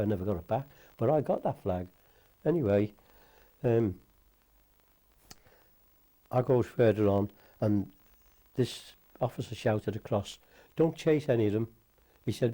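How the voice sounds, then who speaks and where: An elderly man recounts his memories in a loose, rambling interview, sprinkling in mild curses as he goes. His voice sits low and sounds very dark and mellow. He talks like someone chatting at home. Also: normal speed, pauses often. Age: older. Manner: rambling anecdotal, salty, mild swearing. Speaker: war veteran interviewee. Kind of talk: casual storytelling interview.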